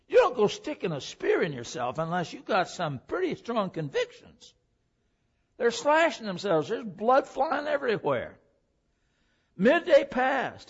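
A male pastor preaching a sermon, reading scripture aloud and explaining it with animated emphasis. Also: high voice, husky, muffled recording.

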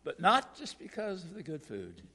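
A male pastor giving a sermon, moving from a lively recited poem into earnest preaching in a church auditorium. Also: sits high, normal speed, a little hiss or hum. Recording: long reverb of a large hall.

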